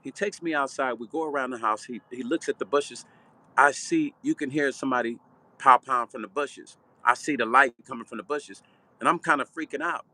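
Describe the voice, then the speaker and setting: A man's voice: mid-range voice, brisk, dry recording. An older man from Chicago telling a personal story in a vivid, blunt, street-style way. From Chicago, Illinois. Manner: vivid, animated storytelling, repeating "right?". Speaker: vlog host and musician.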